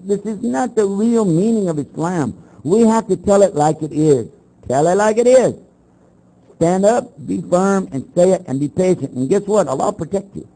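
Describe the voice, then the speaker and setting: In this low-quality recording, an older man from Texas with a high-pitched voice delivers a blunt lecture on his Muslim faith as a preacher. He tells stories with animation, acting out both sides of each exchange, and fires rhetorical questions at his audience.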